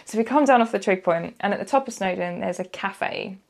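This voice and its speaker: A woman, a freelance motoring journalist, telling a personal story in a casual podcast chat, animated and quick to act out what people said. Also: medium pitch, creaky. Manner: animated storyteller, acts out quotes, laughs often.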